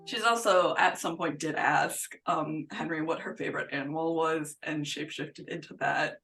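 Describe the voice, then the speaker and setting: A woman player explaining her character in casual chat, halting as she thinks aloud. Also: deep voice, a bit bright, distant mic, faint music behind. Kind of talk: casual chat at a game table.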